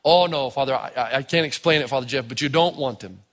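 A man's voice: medium pitch, fast talker, fairly bright tone, voice pushed down, lightly acted. A man voicing a nervous caddy master who stammers apologetically. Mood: apologetic. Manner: hesitant, stammering.

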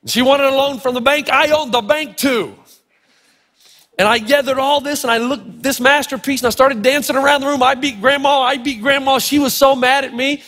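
Middle-aged pastor with a very high voice, playful storyteller, hall reverb. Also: male voice, fairly even intonation, moderate pace, a bit bright. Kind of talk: sermon.

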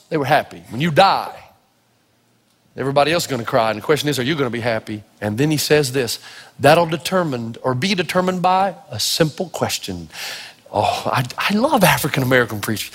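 This Tennessee man delivers a sermon full of storytelling, performing the characters' lines in raised voices with animated energy. His pitch is on the high side, a little fast, with a breathy edge, heard in a long hall reverb.

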